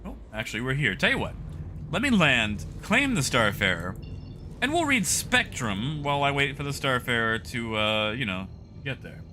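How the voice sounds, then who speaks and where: Lively, bright-voiced male game streamer. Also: mid-range voice, moderate pace, a little hiss or hum. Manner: chatty, talks to viewers by name while playing. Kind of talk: casual live-stream chat.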